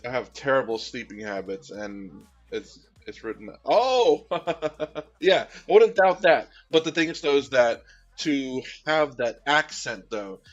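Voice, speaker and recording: A man's voice: mid-range voice, a bit bright. A man streaming as he paints miniatures, chatting casually with viewers in a rambling, easygoing way with many fillers and restarts. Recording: dull, slightly lo-fi sound.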